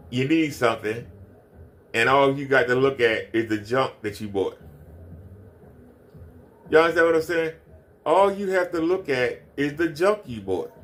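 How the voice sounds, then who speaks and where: Man ranting in a mocking, repetitive way. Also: on the high side. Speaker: commentary streamer. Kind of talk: ranting commentary.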